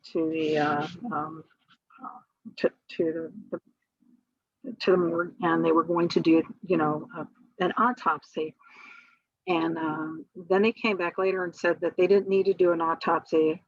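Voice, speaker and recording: Low-voiced woman telling a personal story. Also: steady tone, moderate pace, husky, dry recording, lo-fi sound. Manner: rambling, many fillers and restarts. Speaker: guest.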